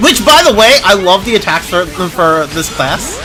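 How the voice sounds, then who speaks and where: Excitable male game streamer. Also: high-pitched, normal speed. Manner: excitable, laughs often, swears, rambling. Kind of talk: casual live commentary over gameplay. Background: game music.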